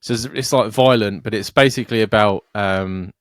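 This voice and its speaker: A man's voice: on the low side, moderate pace, no room sound, studio quality. A young man co-hosting a podcast, ranting and joking with plenty of swearing. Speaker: podcast co-host. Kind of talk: casual chat.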